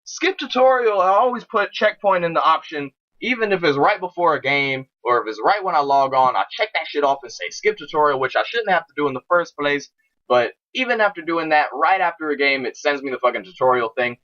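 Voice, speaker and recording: A young man casually commentating his own strategy game match, swearing often and getting excited as he talks to viewers. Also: a little high, highs cut off.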